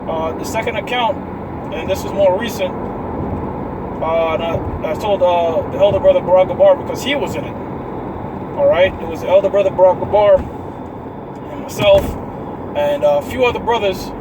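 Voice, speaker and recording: A man's voice: sits high, moderate pace, long pauses, background noise. A man casually telling listeners about his religious dreams and visions, rambling and addressing them as brothers, outdoors in a city. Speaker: member sharing religious testimonies. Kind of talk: casual spoken testimony to a live audience.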